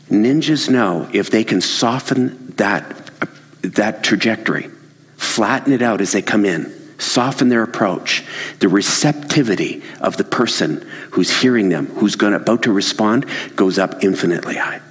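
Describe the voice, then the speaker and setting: A man's voice: on the low side, normal speed, husky, long reverb tail. A man giving a casual talk on workplace communication, acting out little scenes and laughing along the way. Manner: animated, acts out little scenes with raised voices and laughs. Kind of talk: casual talk with acted-out examples.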